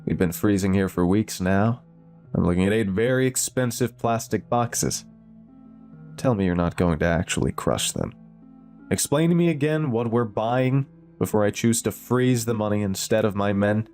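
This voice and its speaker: A man's voice: on the low side, expressive, normal speed, a little mellow, soft background music. A man voicing a stern, skeptical German army general with a German accent.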